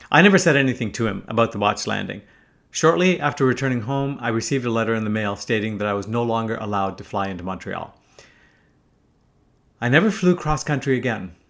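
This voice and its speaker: A man's voice: on the low side, creaky, fairly bright tone. A man in his fifties from Canada, telling a first-person story in a wry, casual way, swearing freely. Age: 50s.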